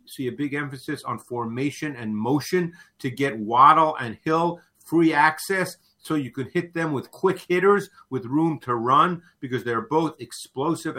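A man's voice: medium pitch, pushed and bright. A man who analyzes football in a casual talk, thoughtful, often repeating words as he starts a sentence.

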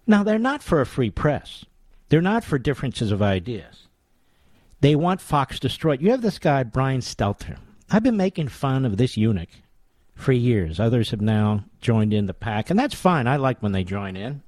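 A man's voice: mid-range voice, big pitch swings, moderate pace, a little mellow, no echo, studio quality. A man hosting a political talk radio show, delivering a combative, sarcastic monologue.

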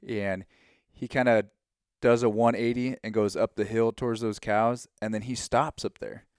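Co-host guy telling the hunt his way, low voice, dry close sound. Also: level tone, moderate pace, clean tone, no room sound. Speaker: podcast co-host. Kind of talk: casual hunting story.

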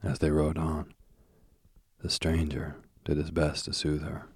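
A man reading a storybook aloud in a measured, even way. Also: extremely low pitch, slightly rough, no room sound, clean studio sound. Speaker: narrator.

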